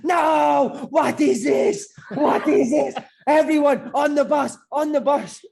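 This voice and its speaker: A man impersonating a furious football manager who scolds his players about food, shouting high and half laughing. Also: little pitch movement, measured pace, creaky, full character voice. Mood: outraged. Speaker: podcast host telling a story.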